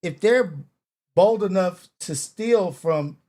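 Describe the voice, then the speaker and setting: A man's voice: high voice, takes it slowly, dark tone. A man hosting a live podcast, talking in a laid-back, slangy way and thanking viewers for tips. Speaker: podcast host. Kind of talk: casual chat.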